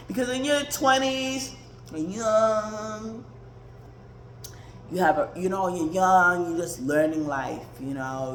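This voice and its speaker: A woman's voice: mid-range voice, fairly bright tone. Woman, podcast host, profane blunt rant, echoey room, faint background hiss. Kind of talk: casual monologue rant. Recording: roomy echoey recording.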